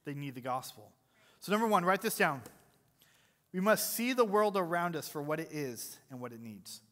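A pastor preaches a sermon in a church sanctuary, conversational and jokey, quizzing the congregation between earnest points. His fairly high voice swings widely in pitch, is a bit bright, and moves at normal speed. Long hall reverb fills the recording.

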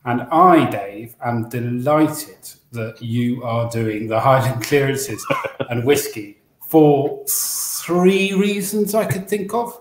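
A man's voice: medium pitch, expressive, slow pace, a little hiss or hum. Chatty man in a roomy room. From England. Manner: enthusiastic, chatty, rambling with restarts. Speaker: podcast co-host. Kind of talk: casual chat. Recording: roomy echo.

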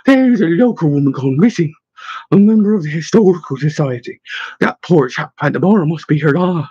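Give me a man playing a cheerful riddling bard, somewhat high and husky. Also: animated, a little fast, warm tone, no echo, highs cut off. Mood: genial.

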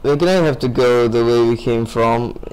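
A man's voice: mid-range voice, normal speed, darkish tone, clean tone, rough recording. A sleepy young man commenting casually on his gameplay, rambling to himself and swearing. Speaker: gamer.

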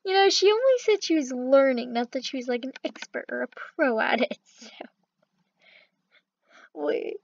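A woman's voice: high-pitched, moderate pace, creaky, pauses often, dull audio. A woman vlogger reading funny text messages aloud in casual commentary, giggling often as she talks. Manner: giggly, laughs often while talking.

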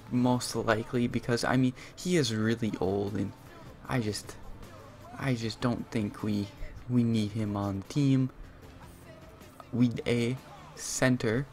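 Young man chatting over gameplay, filler-heavy. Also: medium pitch. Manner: chatty, thinks aloud with many fillers. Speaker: gaming youtuber. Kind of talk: casual gameplay commentary.

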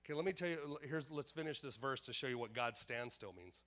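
A man's voice: medium pitch, a little fast, few pauses, a bit bright. A man preaching a sermon as pastor, emphatic and repetitive, calling out questions to the congregation. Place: church service.

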